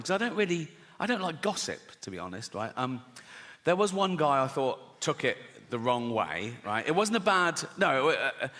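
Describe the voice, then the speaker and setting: The stand-up comedian, a middle-aged man, sounds medium-pitched, pushed, and bright as he tells sweary stories, dropping "right?" again and again. Laughter from the audience fills the background.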